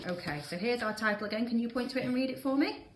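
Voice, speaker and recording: A Northern English woman teacher reading with a young pupil, patient and encouraging, slowing down to model words. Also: on the high side. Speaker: primary school teacher. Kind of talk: guided reading with a child. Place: classroom. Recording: roomy classroom with faint background noise.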